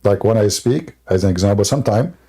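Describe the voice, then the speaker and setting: A man's voice: on the low side, animated, quick pace, dark tone, breathy edge. A man hosting a live debate show, talking sarcastically and joking in non-native English, laughing at his own jokes. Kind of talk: mocking live debate monologue.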